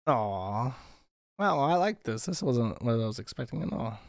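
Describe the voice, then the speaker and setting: A man in casual livestream chat reads out viewer donations and answers them with sarcastic, swear-heavy asides. His voice sits at an ordinary pitch for a man. The sound is close and dry, with no room echo. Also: sing-song, normal speed. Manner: crude, profane and sarcastic; reads viewer messages aloud, then riffs on them. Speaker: streamer reading viewer donations.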